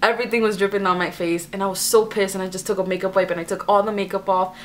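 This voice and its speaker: Young woman, casual storytime vlogger, chatty and animated, filler-heavy delivery. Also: medium pitch, fast, slight background noise. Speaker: beauty vlogger.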